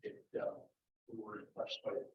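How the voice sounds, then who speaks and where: A man's voice: moderate pace, noisy background. A man who is a candidate, making an interview statement and hesitating with fillers and restarts. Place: township meeting room. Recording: roomy, distant, dull meeting-room audio.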